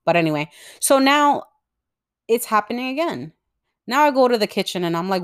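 A young woman podcast host telling a story in an animated, profane, casual way. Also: on the high side, normal speed, long pauses, smooth. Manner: animated and profane, with expressive swings in loudness.

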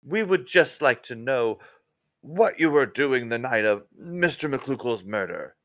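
A man playing a world-weary detective who grumbles in a lower voice. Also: expressive, a little slow, a bit bright, dry recording, studio quality. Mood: gruff. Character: gruff, world-weary mustached male detective.

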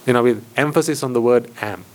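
A man's voice: medium pitch, fast. A man, a Buddhist monk, giving a dharma talk to a lay audience, often asking rhetorical questions and repeating phrases for emphasis. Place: hall with board.

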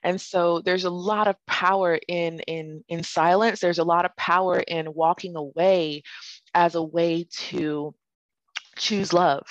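A woman giving a relaxed, rambling spiritual talk on conscious parenting, with many fillers and restarts. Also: lowish voice, slow, no echo. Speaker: parenting speaker. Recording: dry, slightly dull lo-fi sound.

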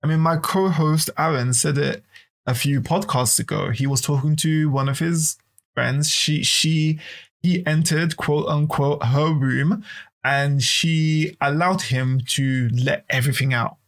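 Podcast host guy, talky and animated, kinda higher voice for a man. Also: measured pace. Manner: animated, repeats words. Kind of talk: casual podcast talk.

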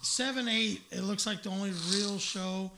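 A man's voice: high voice, fairly even intonation, normal speed, creaky, background noise. A man hosting a casual comedy talk show, blunt and profane, rambling with many fillers. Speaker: radio show host.

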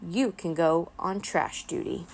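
Woman doing a booming stern schoolteacher. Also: lively intonation, gravelly. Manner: booming, stern, slow and deliberate. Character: booming stern male teacher, kind to polite children.

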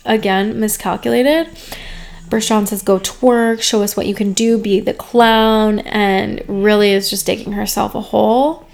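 A woman's voice: mid-range voice, darkish tone. A woman hosting a casual reality TV recap, talking in a chatty, opinionated way with sarcastic asides.

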